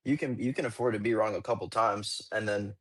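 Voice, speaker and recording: A man's voice: on the low side, fairly even intonation, brisk. A man in an online audio chat, rambling and repeating himself as he explains. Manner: rambling, repeats words, leans on fillers. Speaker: caller.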